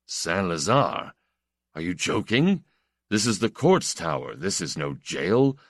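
Man reading as a sardonic prisoner, edgy, ingratiating, mocking drawl, deep voice, dry sound. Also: very animated, takes it slowly, dry recording, heavily acted.

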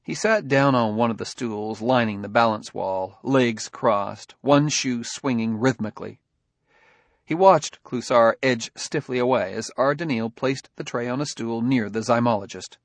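Male narrator, mid-pitched, measured storytelling, very dry close recording. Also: dry recording. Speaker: audiobook narrator. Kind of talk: scripted narration.

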